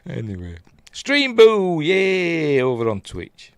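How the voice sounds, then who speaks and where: A man's voice: fairly low pitch, lively intonation, moderate pace, dry recording, studio quality. A man with a Yorkshire accent chatting casually on a live stream, rambling through episode recaps with plenty of fillers and asides.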